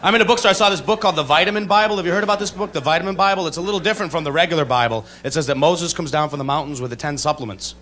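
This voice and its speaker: An American stand-up comedian works a comedy club stage in an animated manner, jumping into excited voices for parents and impressions. His voice is on the high side and races along with few pauses, while crowd laughter and club noise fill the recording.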